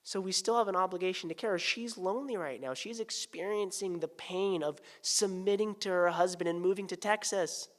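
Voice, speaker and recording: A male pastor preaching a sermon, swinging from hushed, tender asides to loud, pleading emphasis. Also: high voice, normal speed, hardly any pauses. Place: church sanctuary. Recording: church sanctuary with long reverb.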